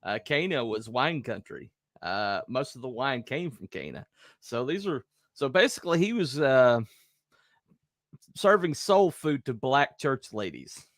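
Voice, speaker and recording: A man hosting a casual chat, telling a story in a lively way, acting out quotes in raised voices and laughing often. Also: medium pitch, measured pace, no room sound, clean studio sound. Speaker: host.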